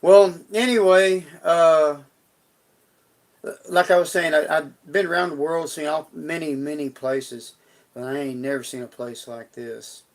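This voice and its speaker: A man's voice: a little high, fairly even intonation, measured pace. A middle-aged man on a live stream, telling a personal story in a folksy, rambling way with frequent restarts.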